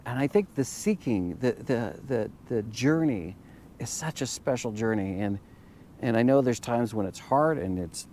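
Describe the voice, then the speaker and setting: A man giving a casual motivational monologue, halting and repeating words as he searches for them. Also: on the low side, warm tone, slight background noise. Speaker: motivational vlogger.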